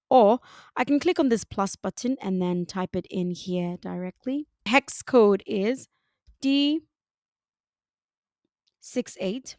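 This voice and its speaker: A woman giving a calm, step-by-step software design tutorial, talking through each click. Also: mid-range voice, gravelly, dry recording, studio quality. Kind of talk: screen-recorded software tutorial.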